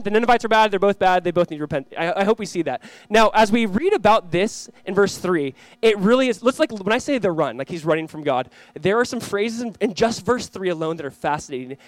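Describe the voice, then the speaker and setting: A young male pastor delivers his sermon at a quick clip, his voice sitting a touch high. He tells stories with lots of energy and acts out the voices in them. The sound is dry and close. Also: no echo. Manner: animated storytelling, acts out quoted voices.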